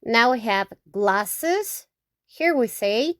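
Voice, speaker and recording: A woman speaks very slowly in a dry, close recording. She leads a patient beginner lesson, repeating each example word and checking in with "okay?" between them. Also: on the high side, lively intonation, dry recording. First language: Spanish. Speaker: Spanish teacher. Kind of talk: slow alphabet lesson with repeated example words.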